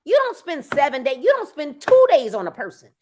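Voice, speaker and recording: A woman coaching on sales in a casual motivational talk, her voice pitched a little high and swinging widely up and down. She hammers points home by repeating phrases and sometimes breaks into loud urging. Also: huge pitch swings, brisk, background noise. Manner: emphatic, repeats phrases for effect; bursts into loud urging at times.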